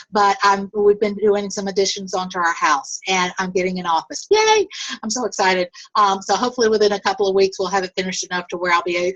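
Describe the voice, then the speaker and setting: A woman's voice: mid-range voice, a bit bright, dull audio. A woman leading her sales team on a video call, upbeat and encouraging, with many fillers. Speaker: network marketing team leader.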